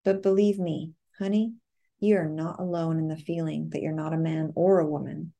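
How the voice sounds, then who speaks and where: A woman's voice: deep voice, flat delivery, normal speed, gravelly, mellow, lo-fi sound. A woman reading the part of a tender, affectionate woman who speaks soothingly and calls her partner honey. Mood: reassuring.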